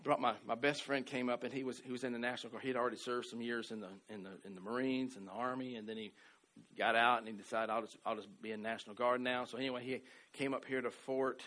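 A middle-aged man from the American South preaching a sermon, telling a story with many restarts and repeated words, swinging from loud exclamations to soft asides. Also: mid-range voice, fairly even intonation, fast. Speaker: pastor.

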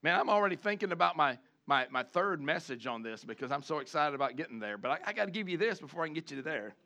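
High, bright-voiced man preaching. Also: fast talker. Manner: animated, swings from chatty asides to loud shouted lines; acts out the congregation and the people he quotes. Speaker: pastor. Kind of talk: sermon.

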